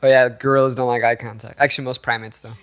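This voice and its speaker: A man's voice: mid-range voice, level tone, fast talker, fairly bright tone, clean tone. A man co-hosting a casual podcast chat, telling stories in a laid-back way, swearing freely and laughing often. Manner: laid-back, profane storytelling with frequent laughs. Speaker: podcast co-host.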